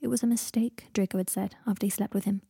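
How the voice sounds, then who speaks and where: A woman reading a story aloud in an even, steady narrating voice. Her tone is mellow and warm with a soft, breathy edge. The recording is close and dry with no room sound. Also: mid-range voice, fast talker, dry recording. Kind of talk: audiobook reading of fan fiction.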